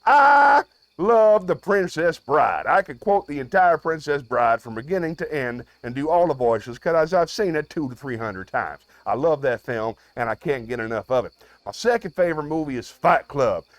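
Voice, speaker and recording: A man hosting a live stream, chatting with his viewers in a playful way, swinging between loud outbursts and low mutters. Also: animated, normal speed, no echo. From United States.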